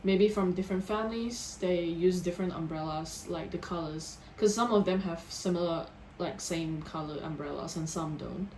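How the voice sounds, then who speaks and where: A woman's voice: lowish voice, normal speed, few pauses, a little mellow. A woman casually discussing a film as co-host, offering her ideas tentatively. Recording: roomy echo with faint background noise.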